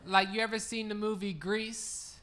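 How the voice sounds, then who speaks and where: A man's voice: sits high, level tone, normal speed, sharp tone, a little hiss or hum. A man doing a crude, punchy stand-up comedy set on a live stage. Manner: punchy, crude, laid-back delivery. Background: audience laughter.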